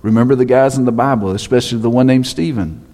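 A man preaching a sermon as pastor, with expressive delivery and emphatic repetition. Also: medium pitch, fast talker, big-room sound.

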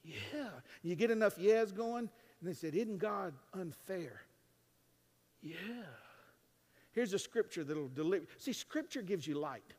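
A man preaching a sermon as pastor, swinging between hushed and loud lines with joking asides. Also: sits high, lively intonation, normal speed. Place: church sanctuary. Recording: long reverb of a large church.

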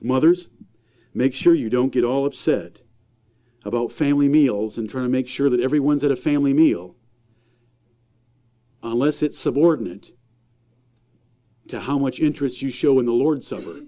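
Emphatic preacher man, dark voice. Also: medium pitch, normal speed, long pauses. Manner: emphatic, rhetorical questions, swings from loud to hushed. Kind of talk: sermon.

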